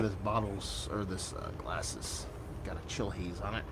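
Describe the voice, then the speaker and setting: A man giving a casual, animated beer tasting review, excitable and self-mocking, with loose cursing. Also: on the low side, moderate pace, background noise.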